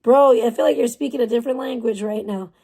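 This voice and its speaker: Gravelly-voiced woman livestreaming. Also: fairly high pitch, fast, a little mellow. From United States. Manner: profane, exasperated, bemused, talking back to chat. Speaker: livestreamer reading chat. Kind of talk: casual live-stream chat.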